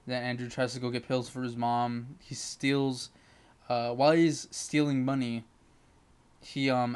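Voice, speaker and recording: A man's voice: medium pitch, clear, resonant tone. A man giving a casual spoken movie review, rambling through the plot with lots of fillers. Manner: rambling retelling full of fillers.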